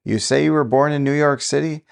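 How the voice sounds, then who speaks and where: A man's voice: on the high side, brisk, creaky, smooth, voice pushed up. A man voicing a nosy, gossipy small-town woman neighbor. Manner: prying, gossipy.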